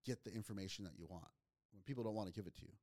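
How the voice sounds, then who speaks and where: A man's voice: fairly low pitch, racing, dark tone, no room sound, studio quality. A man from Northern California, a comedian guest, telling stories in a blunt, direct way with casual cursing. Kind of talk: casual storytelling.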